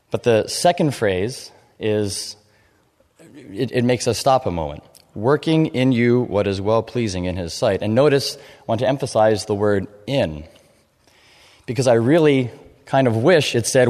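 A man preaching an expository sermon, explaining scripture in a measured way and reading verses aloud. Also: mid-range voice, animated, darkish tone. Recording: long hall reverb.

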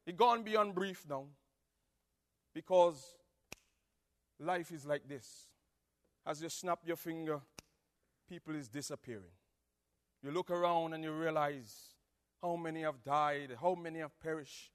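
A man preaching an evangelistic sermon with a Nevisian Caribbean accent, swinging between hushed tones and shouting. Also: on the high side, measured pace, long pauses. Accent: Nevisian Caribbean English. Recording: long reverb of a large hall.

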